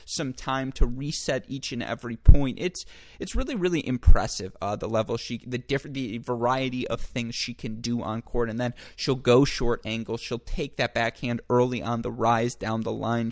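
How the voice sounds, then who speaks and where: A man hosting a sports podcast, talking in a rambling, chatty way that often stops to correct itself. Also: mid-range voice. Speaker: podcast host. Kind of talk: sports podcast commentary and interview.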